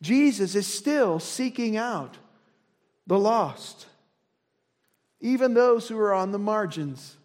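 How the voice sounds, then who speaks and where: A man preaching a sermon as pastor, earnest, often dropping to a soft hush to drive a point home. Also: high voice, lively intonation, slow, long pauses. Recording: long reverb of a large hall.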